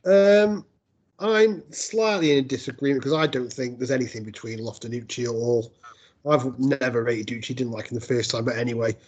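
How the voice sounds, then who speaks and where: An on-man chatting on a football podcast, throwing wry jokes in among his views on the players. His mid-pitched voice has a husky, slightly rough grain. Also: fairly even intonation, normal speed, a little mellow, highs cut off. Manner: wry, joking asides. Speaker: podcast co-host. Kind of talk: casual football podcast chat.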